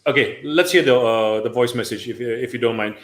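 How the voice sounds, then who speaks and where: A man's voice: mid-range voice, brisk. A man hosting a talk show, asking questions hesitantly with many fillers, laughing often. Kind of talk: casual interview. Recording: roomy echo.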